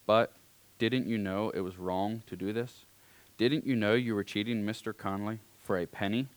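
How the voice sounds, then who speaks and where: A man's voice: fairly low pitch, steady tone, moderate pace, lightly acted, poor audio. A man reading aloud, voicing a stern mother who firmly scolds her young son. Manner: firm and reproachful.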